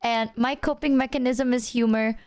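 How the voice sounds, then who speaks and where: A woman's voice: a little high, fairly even intonation, moderate pace, darkish tone. Teary, rambling woman streamer. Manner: emotional, laughing, rambling with filler "like". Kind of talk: casual live-stream chat.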